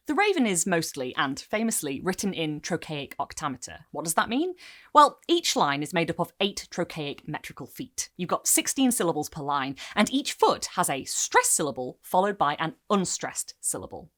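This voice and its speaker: A woman giving an emphatic scripted narration for a literary video essay, with dramatic pauses. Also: on the low side, sing-song, fairly bright tone.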